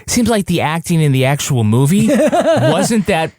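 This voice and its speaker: A man's voice: high voice, big pitch swings, unhurried, a little mellow, no room sound, studio quality. A man co-hosting a podcast, chatting casually with wry jokes. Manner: wry and joking. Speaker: podcast co-host.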